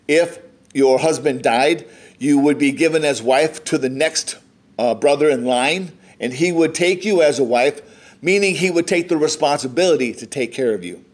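A man's voice: medium pitch, darkish tone. An American man preaching a sermon, reading scripture aloud and explaining it in a conversational way. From United States. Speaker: pastor.

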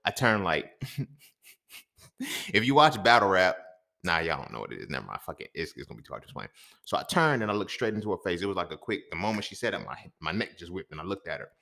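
A man hosting a podcast, telling a story in a casual, profane monologue that swings between loud outbursts and quiet asides. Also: deep voice, very animated, quick pace, vocal fry. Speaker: podcast host.

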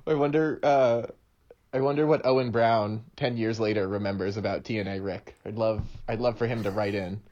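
A man's voice: on the low side, steady tone, moderate pace, darkish tone, lo-fi sound. A man co-hosting a podcast, laughing often and dropping in wry asides. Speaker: podcast co-host. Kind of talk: casual podcast chat.

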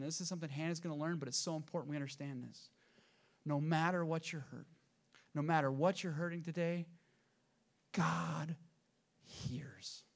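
A man delivers a sermon to his congregation in a high, bright voice. He keeps it conversational, with joking asides and frequent restarts. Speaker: pastor.

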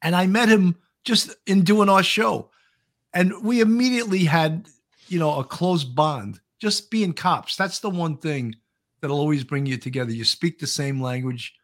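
A man's voice: a little high, measured pace, a bit bright. New man, talk show host, earnest and conversational, a few filler sounds. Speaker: host, retired police officer. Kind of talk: casual chat.

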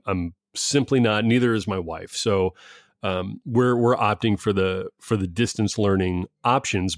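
A man's voice: lowish voice, dry recording, clean studio sound. A middle-aged man and father talking casually, rambling with frequent restarts and laughs. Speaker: parent discussing schooling. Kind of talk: casual conversation.

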